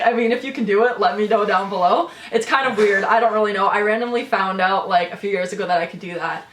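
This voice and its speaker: A woman's voice: mid-range voice, quick pace, few pauses, distant mic, a little hiss or hum. A young Canadian woman co-hosting a casual Q&A, friendly and full of fillers. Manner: friendly, filler-heavy, relaxed. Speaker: channel co-host. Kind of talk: casual Q&A chat. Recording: roomy echo.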